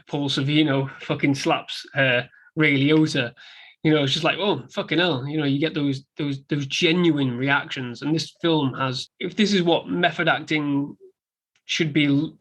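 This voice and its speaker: A man's voice: mid-range voice, fairly bright tone. A man, a guest on a podcast, talking enthusiastically about films and swearing freely. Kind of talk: casual film chat.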